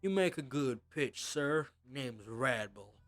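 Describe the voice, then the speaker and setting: A man voicing a brash, gruff bandit leader who drawls and bosses his crew around. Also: medium pitch, animated, slow pace, fairly bright tone, dry recording. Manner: drawling and bossy, threatens to slap.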